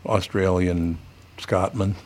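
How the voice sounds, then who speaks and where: A man's voice: deep voice, slow pace. A man hosting a radio show, telling stories in casual banter and swearing freely. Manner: animated storyteller, swears casually.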